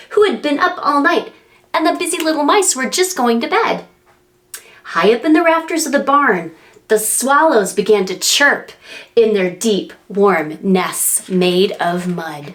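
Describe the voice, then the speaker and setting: Lively sing-song woman reading to preschoolers. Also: medium pitch. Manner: animated, sing-song, makes animal and wind sounds. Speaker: children's librarian. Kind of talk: reading a picture book aloud to preschoolers.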